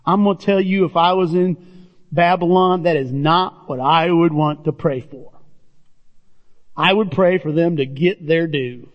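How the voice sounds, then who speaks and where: A man's voice: a little high, moderate pace. A man preaching a sermon as pastor, talking earnestly and straight to the congregation. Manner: earnest, addresses listeners as "guys". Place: church sanctuary. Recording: dull, reverberant hall sound.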